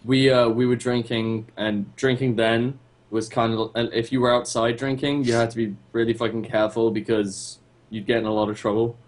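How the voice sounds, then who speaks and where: A man's voice: mid-range voice, little pitch movement, normal speed. A man co-hosting a gaming podcast, telling a story in a casual, profane way with many fillers. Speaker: podcast co-host.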